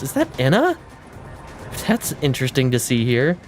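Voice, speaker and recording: A young man chats over his game stream, his voice sitting a little high. He gets excited fast and swears freely. Faint game music plays underneath. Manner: baby-talk to his cat. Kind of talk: casual live-stream commentary.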